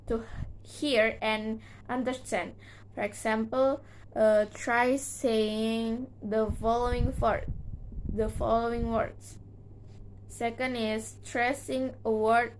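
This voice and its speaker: Slow, halting young woman presenting. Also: on the high side, slight background noise, rough recording. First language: Indonesian. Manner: slow, halting delivery with frequent "uh" fillers and restarts. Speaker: student presenter. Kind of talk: reading a class presentation.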